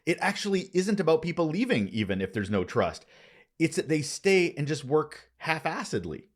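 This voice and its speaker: Guy hosting a work podcast, bit higher voice, bouncy and playful. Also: normal speed. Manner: lively, playful delivery with asides. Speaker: podcast host. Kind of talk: podcast interview.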